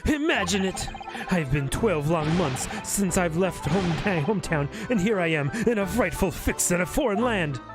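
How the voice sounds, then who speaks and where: A man's voice: high voice, expressive, moderate pace, voice pushed up. A man playing an overwrought jittery student prisoner. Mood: gushing. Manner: dramatic, overwrought, theatrical alliteration. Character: intense, jittery male foreign student prisoner. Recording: game music loud behind.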